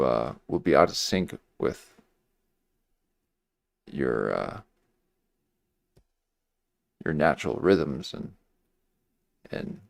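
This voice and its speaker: A man commenting on a livestream, musing slowly and hesitantly with many fillers and restarts. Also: extremely low pitch, creaky, dry recording, clean studio sound.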